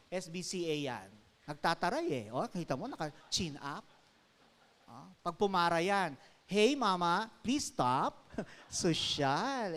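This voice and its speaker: A middle-aged Filipino man with a high-pitched voice addresses a college faculty as guest speaker. He talks in a chatty way, mixing English and Tagalog, throwing questions at the room and chuckling between phrases. A long echo from the hall trails each line. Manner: chatty, switches between English and Tagalog, asks the audience often; laughs while speaking. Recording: echoey hall reverb.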